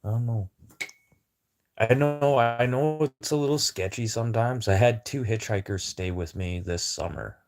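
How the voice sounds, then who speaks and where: A man's voice: medium pitch, normal speed, a little mellow. A man livestreaming a casual, rambling chat with viewers over a phone, talking in a blunt, profane way.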